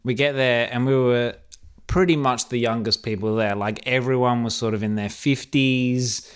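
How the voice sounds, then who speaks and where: A man's voice: mid-range voice, steady tone, moderate pace, smooth. A man hosting a podcast, telling a story in casual chat with lots of fillers. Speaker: podcast host.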